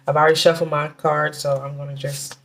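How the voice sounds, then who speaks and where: A woman giving a casual tarot reading, talking in a chatty, halting way with many restarts and fillers, and slowing down to name the cards. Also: sits low, little pitch movement. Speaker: tarot reader.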